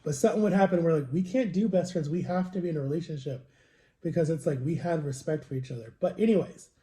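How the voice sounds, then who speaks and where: A man's voice: on the high side, quick pace, warm tone. A man rambling through a personal story in a casual vlog, in a confiding way. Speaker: vlogger. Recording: roomy, echoey home recording.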